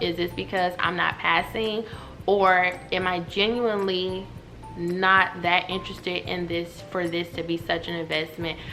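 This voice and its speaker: A woman, telling a story to her viewers at home in a lively, chatty way. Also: mid-range voice. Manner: animated, chatty, talks straight to viewers. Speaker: vlogger. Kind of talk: casual storytelling to camera. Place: at home indoors.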